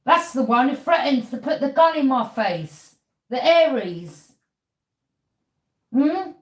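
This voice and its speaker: A woman in a roomy, echoing space, her voice sitting fairly high. She talks straight at her listener in a pointed, accusing way. She keeps jabbing "yeah?" at them as a challenge. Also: expressive, moderate pace. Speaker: tarot reader. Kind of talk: confrontational monologue to camera.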